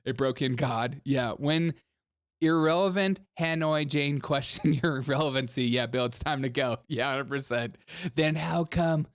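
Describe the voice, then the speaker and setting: A man's voice: medium pitch, unhurried, no room sound, clean studio sound. A man hosting a comedic commentary show, mocking clips sarcastically and laughing often.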